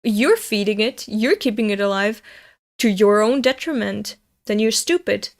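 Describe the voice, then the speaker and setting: On a live stream, a young European woman reads a manga aloud and comments as she goes, her mid-range voice animated and her pace normal. Her commentary is a blunt, profane, angry rant.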